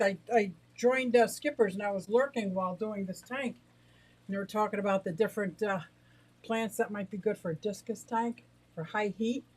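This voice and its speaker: A middle-aged woman from the United States, out of breath and excitable, chatting casually on a livestream about her fish and greeting viewers. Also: medium pitch, poor audio. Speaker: aquarium and exotic pet livestreamer.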